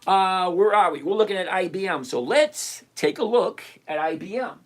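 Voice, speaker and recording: A man's voice: sits high, expressive, normal speed. An older retired man hosting a live stream, chatting casually and emphatically as he answers viewers by name. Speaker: livestream host answering viewer questions.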